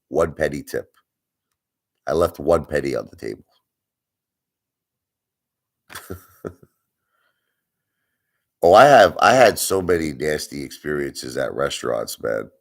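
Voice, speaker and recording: A man hosting a live stream, telling a story in a casual, animated way, with plenty of swearing and repetition for emphasis. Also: extremely low pitch, vocal fry. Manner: animated, profane, repeats himself for emphasis. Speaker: livestream host.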